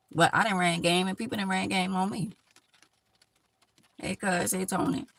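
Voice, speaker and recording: A woman's voice: fairly low pitch, vocal fry. A woman hosting a live stream, giving blunt, emphatic life advice in a casual, preachy way.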